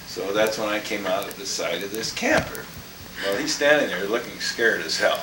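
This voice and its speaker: A man's voice: medium pitch, expressive, moderate pace, bright, forceful tone. An older man casually telling rambling family anecdotes, chuckling as he goes. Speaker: storyteller. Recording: echoey room, mic far off, clear background noise.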